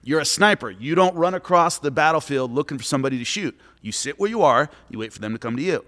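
A middle-aged former MMA fighter and commentator chats as a guest on a podcast, his slightly high voice moving fast. He tells stories animatedly and acts out the people he quotes, all under long, echoey reverb.

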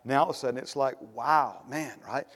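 Preaching pastor in a reverberant hall. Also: male voice, medium pitch, fairly even intonation, rapid-fire. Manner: preaching with rising emphatic bursts and repeated refrains. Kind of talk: sermon.

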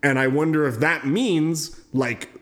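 A man hosting a casual true-crime podcast, telling the case and then giving his opinion in a loose, animated way with swearing. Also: measured pace. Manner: animated, swearing, jumps into high mocking voices. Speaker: podcast host.

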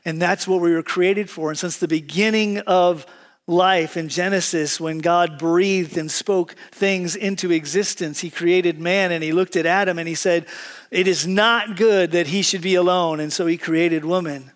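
A man with a high voice preaching from the pulpit, moving easily between prayer and joking stories. His delivery is conversational and animated, like he is talking with a room full of friends. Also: moderate pace. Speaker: pastor. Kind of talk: sermon with prayer and humorous stories. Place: church sanctuary with congregation.

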